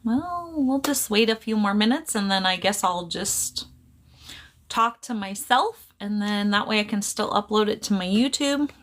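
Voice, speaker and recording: A woman's voice: mid-range voice, lively intonation, measured pace, a bit bright. A middle-aged woman chatting casually on a phone live stream, greeting viewers and joking around in a silly mood.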